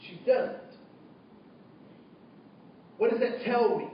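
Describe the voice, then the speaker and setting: A man telling an animated story to an audience, acting out voices and dialogue. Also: very high-pitched, slow pace. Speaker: diversity trainer telling a story. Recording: distant, dull, very echoey room recording with faint noise.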